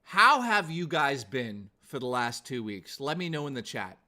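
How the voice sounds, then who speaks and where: A male streamer with a mid-range, sharp voice that swings widely in pitch speaks at a moderate pace into a close desk mic. He's losing his voice, which sounds strained, as he gives his viewers an earnest, motivational pep talk full of swearing during a live stream chat.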